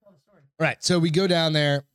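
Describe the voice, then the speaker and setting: A man's voice: fairly high pitch, fairly even intonation, moderate pace. A man co-hosting a casual podcast, rambling and swearing freely as he tells a story. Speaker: podcast co-host. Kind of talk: casual chat.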